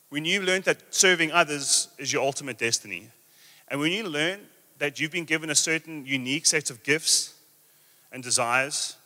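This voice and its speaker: A man preaching a sermon to a live church audience, emphatic and energetic, easing into soft drawn-out phrases. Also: mid-range voice. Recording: reverberant hall with soft guitar behind.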